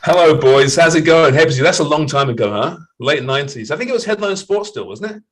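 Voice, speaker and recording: A man's voice: on the high side, expressive, brisk, a little hiss or hum, poor audio. A middle-aged man as a podcast guest in casual interview chat, easygoing, laughing and self-deprecating.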